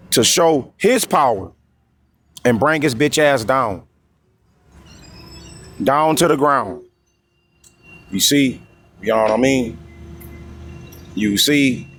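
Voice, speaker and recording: A man in the middle pitch range, preaching scripture in a confrontational, profane street style. He reads verses slowly and deliberately, then breaks off to ask his listeners whether they follow. A faint hiss of background noise sits under his voice. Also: fairly bright tone. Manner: constantly repeats "you see?" and "you know what I mean?"; coarse, heated, confrontational.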